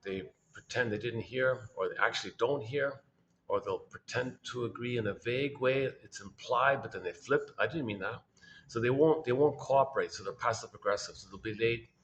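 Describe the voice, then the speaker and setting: A man's voice: medium pitch, normal speed, fairly bright tone, dull audio, a little hiss or hum. A man hosting his own channel, talking through ideas in a casual, musing way, often restarting phrases and briefly acting out the people he describes. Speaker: host of a quotes channel. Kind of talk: casual spoken commentary.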